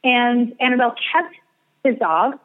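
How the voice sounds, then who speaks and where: A woman's voice: on the high side, lively intonation, measured pace. Chatty woman on a tinny line. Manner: chatty, rambling, self-deprecating. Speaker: astrologer and psychic medium guest. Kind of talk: casual storytelling interview. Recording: tinny phone-like radio line.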